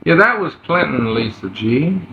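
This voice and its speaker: A man hosting a live stream, greeting viewers by name in an unhurried way with fillers. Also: on the high side, big pitch swings, bright, forceful tone, slight background noise. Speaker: livestream host. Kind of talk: casual live-stream chat. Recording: roomy, dull lo-fi livestream audio.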